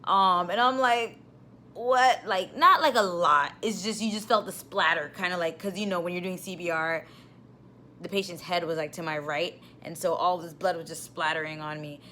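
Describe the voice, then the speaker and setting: A young New York–accented ER nurse tells a story in a casual vlog, growing more and more exasperated, with animated delivery and rising outbursts. Her voice is fairly low at a normal speed, with a little hiss or hum in the audio.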